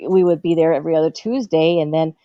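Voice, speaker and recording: A woman tells long childhood stories in a loose, chatty way. She often acts out the people in them in a higher voice. The sound is dry and a bit dull. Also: fast talker, dry recording, faint music behind. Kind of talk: casual storytelling chat.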